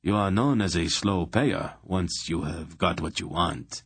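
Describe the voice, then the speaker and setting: A man's voice: sits low, unhurried, breathy edge, dry recording, clean studio sound, full character voice. A man doing a blunt, stubborn merchant. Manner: blunt, mocking.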